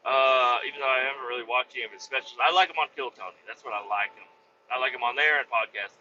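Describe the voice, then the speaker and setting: A man's voice: a little high, pushed and bright, slight background noise. A man hosting a comedy podcast, rambling through a crude, profane monologue. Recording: slightly muffled lo-fi recording.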